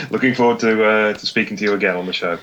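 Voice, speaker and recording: A man's voice: fairly low pitch, fast, a bit bright, dull audio, a little hiss or hum. A man who makes comics, chatting as a podcast guest, hesitant and full of ums. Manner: hesitant, many ums and uhs. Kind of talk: casual chat.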